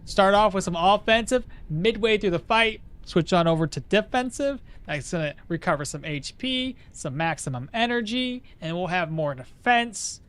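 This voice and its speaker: A man streaming a game live, chatty and excitable, explaining his build and answering his chat. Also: high voice, moderate pace, few pauses, smooth. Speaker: gaming streamer. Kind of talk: live gameplay commentary.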